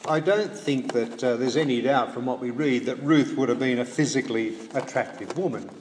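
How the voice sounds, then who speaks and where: A man preaching a sermon in a measured way, with rhetorical questions and dry humorous asides. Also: medium pitch, darkish tone. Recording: echoey hall, faint background noise.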